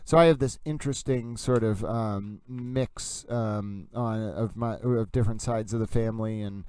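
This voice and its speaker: A man's voice: fairly low pitch, normal speed, mellow, clean tone, no echo. A man hosting a casual livestream, reading viewer comments aloud and answering them in a rambling way with many fillers. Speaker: livestream host reading chat.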